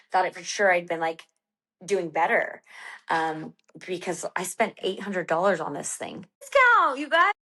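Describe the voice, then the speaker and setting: A woman's voice: lowish voice, a bit bright. A woman guest on a podcast, telling a story casually with many fillers and acting out her own quoted lines.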